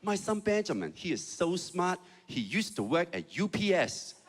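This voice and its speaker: A man's voice: high-pitched, big pitch swings, normal speed, noisy background. A man putting on a blunt Chinese-accented mother. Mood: bragging. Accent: Chinese-accented English. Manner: blunt, scolding, matter-of-fact. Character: thrifty bossy middle-aged Chinese mother.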